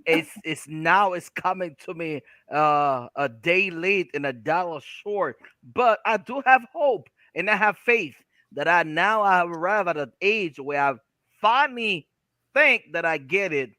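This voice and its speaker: A man on a panel laughs at himself in a high, bright voice. The sound is close and dry, with no room around it. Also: lively intonation, unhurried, no room sound. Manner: self-deprecating. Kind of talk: casual panel discussion.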